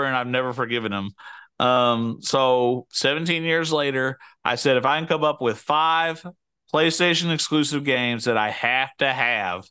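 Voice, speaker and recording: A podcast co-host chats casually, rambling, joking, and interrupting himself with many restarts. His medium-pitched voice has a sharp, clean tone, recorded at studio quality with no room sound.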